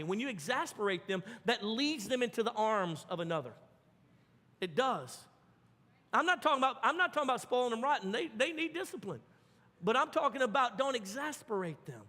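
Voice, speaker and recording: Lively high-voiced pastor preaching. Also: male voice, brisk. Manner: animated storytelling, swings from loud to hushed. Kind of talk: sermon. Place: church sanctuary. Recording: long hall reverb.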